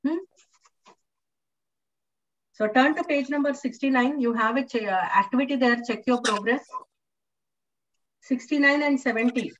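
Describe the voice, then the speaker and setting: A woman's voice: high-pitched, moderate pace, pauses often. Female English lecturer, online class, patient and repetitive with fillers, set back from the mic, muffled line. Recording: distant, dull lo-fi online audio.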